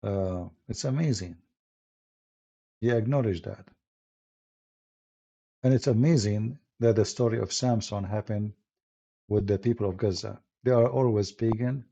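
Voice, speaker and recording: A man's voice: fairly low pitch, measured pace, creaky, long pauses, warm tone. A man with an Arabic accent hosting a live stream, speaking as an apologist in an emphatic, combative way with broken phrasing and restarts. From Middle East. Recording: dull lo-fi stream audio.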